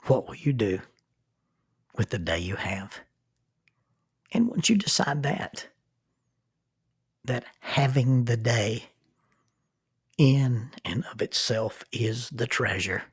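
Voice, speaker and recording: A man in his sixties, a minister, hosting a reflective podcast in an earnest manner, dropping to soft near-whispers for emphasis. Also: on the low side, slightly rough, no room sound, studio quality.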